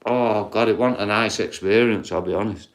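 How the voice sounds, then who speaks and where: A man's voice: on the low side, steady tone, moderate pace. A man with a Yorkshire accent hosting a livestream, telling rambling, sweary stories and chatting to his viewers. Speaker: livestream host.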